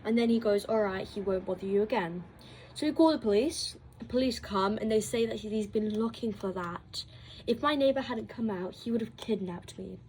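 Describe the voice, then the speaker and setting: A woman with a mid-range voice speaks at normal speed, with slight background noise, as she casually tells a story. As a storytime vlogger, she rambles with plenty of "like" and animatedly acts out the quoted dialogue.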